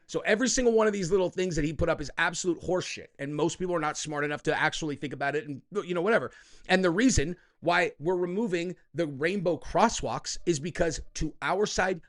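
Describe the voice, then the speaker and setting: Man, political commentary host, heated, profane, combative, fairly high voice. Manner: profane and combative, keeps tagging "okay?" and "dude".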